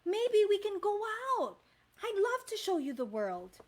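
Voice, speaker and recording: A woman with a Filipino accent voicing a gentle, friendly young prince in a children's story. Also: very animated, a little slow, heavily acted. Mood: earnest. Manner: earnest, lowered voice.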